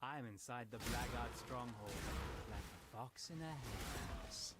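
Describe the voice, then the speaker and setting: A wry adventurer from a video game, voiced by a man, drawling his dry, sardonic quips slowly at a mid pitch. Loud gunfire and battle noise pound behind him. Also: animated, natural voice.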